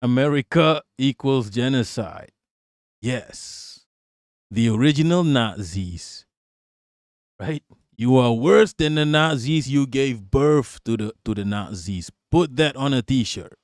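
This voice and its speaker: A man's voice: medium pitch, expressive, takes it slowly, no room sound, clean studio sound. A man live-streaming as host, reacting to political clips in heated, profane commentary and repeating lines for emphasis.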